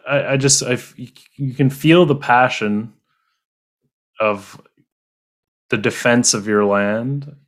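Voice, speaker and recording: A man from Canada co-hosting a casual chat. He speaks haltingly, restarts often and laughs easily. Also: on the low side. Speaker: co-host.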